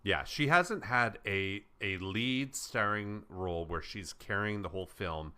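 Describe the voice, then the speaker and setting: A man's voice: lowish voice, unhurried, pushed and bright, clean tone. A man co-hosting a podcast in casual chat, gushing and emphatic, swearing casually. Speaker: podcast co-host.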